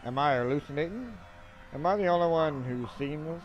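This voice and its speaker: A man's voice: a little high, lively intonation, a little fast, highs cut off. Man streaming, reading game lines aloud. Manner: loose, joking asides between read lines. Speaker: livestreamer. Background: game music.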